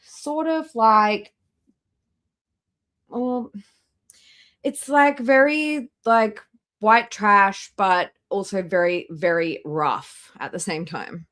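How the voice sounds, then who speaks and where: A woman's voice: mid-range voice, extremely slow, long pauses, a bit bright. A young woman with an Australian accent hosts a reaction stream and speaks bluntly about what she watches. She stops now and then to welcome members of the chat. Her voice sits in an ordinary middle range. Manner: blunt, greets chat members between remarks. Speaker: livestream host. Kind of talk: reaction livestream commentary.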